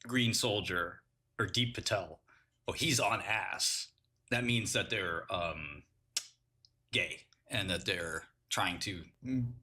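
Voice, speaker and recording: A man's voice: deep voice, bright, forceful tone. A man casually telling prison anecdotes, acting out quotes and laughing at his own jokes. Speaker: podcast host telling prison stories.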